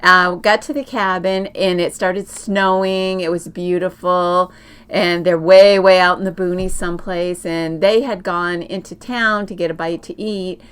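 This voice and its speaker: A woman's voice: lowish voice, steady tone, a little slow, fairly bright tone, clear, resonant tone. A middle-aged woman co-hosting a casual quilting chat, telling long travel stories with lots of fillers and restarts. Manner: chatty storyteller, many fillers and restarts. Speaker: quilting podcast co-host.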